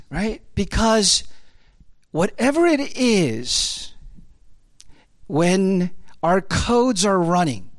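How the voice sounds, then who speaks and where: A man's voice: sits high, dry recording, studio quality. A male pastor giving a rambling, conversational sermon full of fillers and asides.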